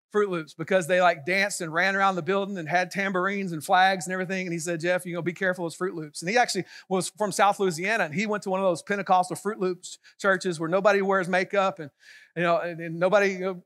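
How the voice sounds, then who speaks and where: A middle-aged male pastor telling a story in a sermon, getting animated and loud as it builds. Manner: animated, gets loud and high when excited.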